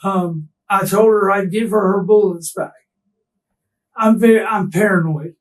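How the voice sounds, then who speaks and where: A distraught, tearful man being interrogated, talking haltingly and restarting his sentences. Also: sits high, fairly even intonation, far from the mic, poor audio. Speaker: murder suspect under interrogation. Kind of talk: police interrogation.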